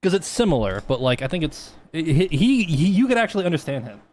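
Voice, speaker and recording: A man's voice: fairly high pitch, sing-song, brisk, a little mellow. A young man casually walking through 3D texturing on a live stream, rambling, swearing freely and mocking himself. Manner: rambling, profane, self-mocking.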